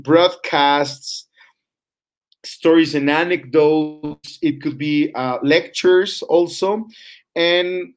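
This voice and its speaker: Slow, halting man teaching a class. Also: on the high side. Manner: slow, halting, many fillers and restarts, checks understanding with "right?". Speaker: teacher trainer. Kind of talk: online class lecture.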